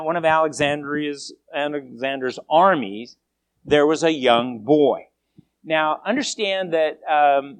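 A preacher tells a story in a sermon, and the voice rises and falls widely to keep listeners hooked. Lines often start over with a repeated word. The delivery stays animated and conversational. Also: mid-range voice.

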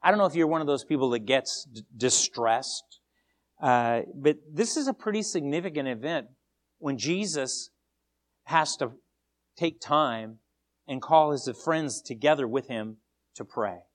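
A man preaching a sermon as pastor, emphatic and animated, often repeating words as he starts a sentence. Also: medium pitch, unhurried.

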